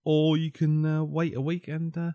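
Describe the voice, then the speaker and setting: A man's voice: on the high side, completely flat delivery, moderate pace, dark tone, no room sound, lo-fi sound. A man hosting a podcast, joking, swearing and teasing his co-hosts in casual banter. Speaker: podcast host.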